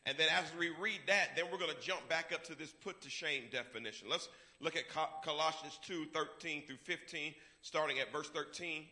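A man preaching, his voice bright and cutting. He swings from quiet, careful stretches to loud, emphatic declarations, asking his congregation questions and answering them himself. His pitch sits somewhat high for a man. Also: moderate pace, few pauses. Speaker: pastor. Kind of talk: sermon.

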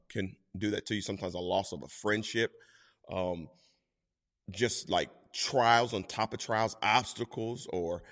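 A man with a somewhat low voice preaches in an easy, conversational way. He now and then acts out quoted voices as he tells his stories. A long reverb trails behind his words. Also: fairly bright tone. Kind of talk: sermon.

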